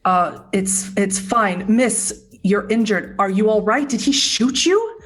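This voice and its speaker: A woman voicing a fussy, flustered older male priest who shouts in alarm and frets. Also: mid-range voice, animated, slow pace. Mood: worried. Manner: loud, scandalized, then confused.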